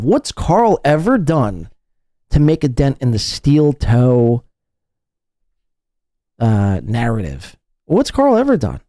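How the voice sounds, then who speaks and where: A man's voice: medium pitch, mellow, no room sound, clean studio sound. A man hosting a podcast, ranting in a heated, mocking, profane way. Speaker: podcast host.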